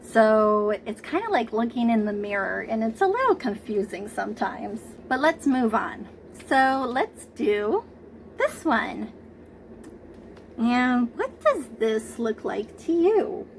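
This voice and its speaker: Slow, gentle woman teaching preschoolers. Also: on the high side, very animated, creaky, a little hiss or hum, low-quality recording. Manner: slow, gentle, coaxing talk to young children. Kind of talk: remote preschool lesson. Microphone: computer camera mic.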